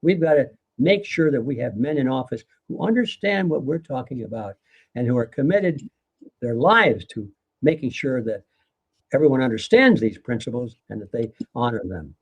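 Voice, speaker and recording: A man's voice: mid-range voice, animated, moderate pace, slightly rough, lo-fi sound. An older man, a guest author in a live conversation, speaking earnestly and lecturing, with occasional laughs.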